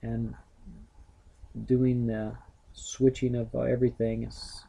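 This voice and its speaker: A middle-aged man teaching a grammar lesson, slowly and methodically parsing each word. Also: medium pitch, flat delivery, gravelly, dark tone, slightly rough, low-quality recording. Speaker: Greek teacher.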